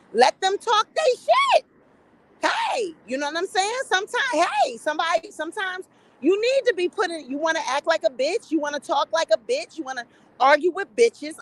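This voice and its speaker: A woman with a high voice talks in an unfiltered, profane way, with an animated, gossipy edge. She sounds middle-aged and speaks as a commentator holding forth to her viewers. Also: no room sound, low-quality recording. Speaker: commentary vlogger. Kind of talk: casual opinion commentary.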